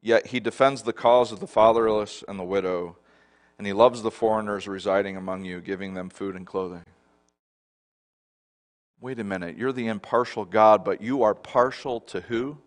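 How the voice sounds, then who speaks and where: A man's voice: fairly even intonation, moderate pace. Middle-aged male pastor preaching a sermon. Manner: builds from soft and low to loud emphatic declarations; asks the congregation repeated rhetorical questions.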